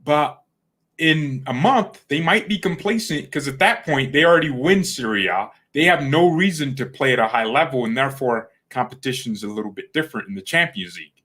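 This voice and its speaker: The host of a football fan channel, a man with a mid-range, slightly bright voice, speaks a little fast and with animation. His casual opinion rant is blunt and trash-talking, and he stammers over repeated words when worked up.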